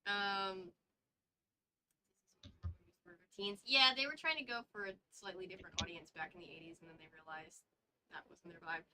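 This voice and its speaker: A woman's voice: lowish voice, fairly even intonation, moderate pace, long pauses, background noise. A woman hosting a casual book read-along, reading aloud with stumbles and chatty asides. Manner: reads aloud with stumbles and side comments.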